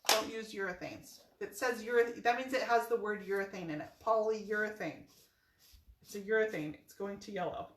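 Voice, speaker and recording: A woman's voice: medium pitch, normal speed, reverberant, very noisy. A woman hosting a casual furniture painting tutorial in her home workspace, chatty and playful, repeating her key tips.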